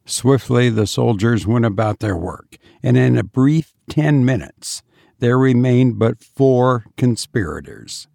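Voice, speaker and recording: A man reading a historical adventure audiobook in a measured, dramatic narration style. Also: mid-range voice, lively intonation, creaky, warm tone, no room sound, studio quality. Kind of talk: scripted narration.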